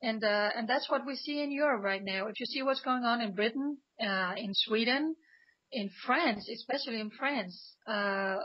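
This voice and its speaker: A woman's voice: on the high side, normal speed, highs cut off. A woman from Denmark, a guest on a radio interview, speaking with emphatic passion and frequent restarts. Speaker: guest, pro-Israel activist.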